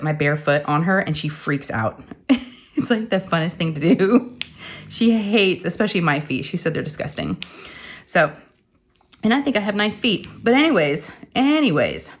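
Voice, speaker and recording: A middle-aged woman, chatting casually as a crafting channel host and telling a long story full of acted-out quotes. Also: on the low side. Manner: rambling storyteller, acts out quotes. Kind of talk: casual chat while crafting.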